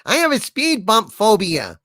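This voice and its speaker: A man voicing Harvey, a wild male puppet who tells corny pun jokes in shrill outbursts. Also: huge pitch swings, measured pace, pushed and bright, no room sound, studio quality, heavily acted. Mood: manic.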